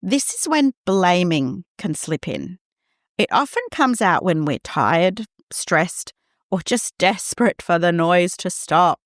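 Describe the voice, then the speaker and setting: Woman, parenting podcast host, gentle and reassuring, lower voice, lively pitch. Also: slow, no echo, clean studio sound. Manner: gentle, reassuring, acts out quoted lines. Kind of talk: scripted podcast monologue.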